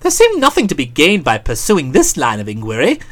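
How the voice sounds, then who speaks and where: A woman's voice: low voice, huge pitch swings, a little fast. A woman narrating a comic novel aloud in a dry, wry storytelling manner. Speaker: audiobook narrator.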